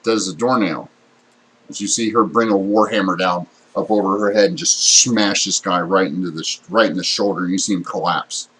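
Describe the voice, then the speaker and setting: A man's voice: low voice, steady tone, fairly quick, a bit bright, slightly rough, poor audio. A man running a tabletop game as game master, narrating the action and explaining rules with plenty of fillers.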